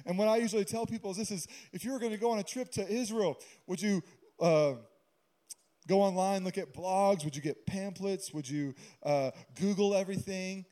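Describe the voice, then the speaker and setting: Pastor, male, higher pitch, mellow tone, casual preaching with jokes. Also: fairly quick. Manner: conversational preaching with humorous asides. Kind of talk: sermon.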